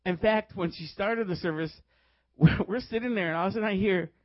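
A man from Chicago, a guest preacher, tells his testimony in a sermon with animated storytelling and frequent laughs. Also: high-pitched, fairly quick, no room sound. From Chicago, USA. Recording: dull dry recording.

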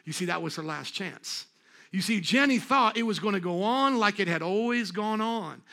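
A man's voice: sits high, lively intonation, normal speed, vocal fry, sharp tone. A man preaching a sermon at a church service, talking in an emphatic, conversational way and throwing rhetorical questions at the congregation. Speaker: pastor.

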